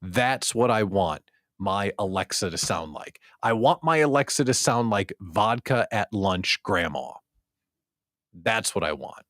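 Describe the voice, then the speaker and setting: A male host of a daily livestream talk show who speaks in an animated, joking way. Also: on the low side, a little slow, no room sound, clean studio sound.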